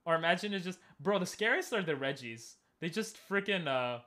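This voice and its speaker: A man's voice: sits high, animated, brisk, pushed and bright. A young man giving casual, joking commentary while streaming a game and talking with chat. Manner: chatty, joking, talks to chat.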